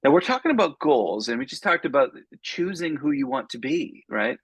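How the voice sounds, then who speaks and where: A man's voice: fairly high pitch, animated, moderate pace, slightly rough, dry recording. A man moderating a webinar panel who affirms the speakers with enthusiasm as he steers the talk. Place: video call.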